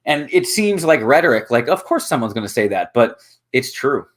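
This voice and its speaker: Earnest young man, halting and emotional. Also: medium pitch, very animated. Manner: earnest, halting, many restarts and fillers. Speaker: guest. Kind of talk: emotional casual conversation.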